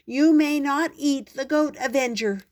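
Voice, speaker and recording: A woman's voice: medium pitch, expressive, a little slow, mellow. Masked princess superhero, firm and commanding, read by an older woman.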